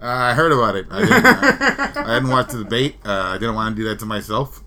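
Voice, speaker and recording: A man co-hosting a casual comedy podcast, laid-back with quick retorts. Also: mid-range voice, animated, bright, forceful tone. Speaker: podcast co-host.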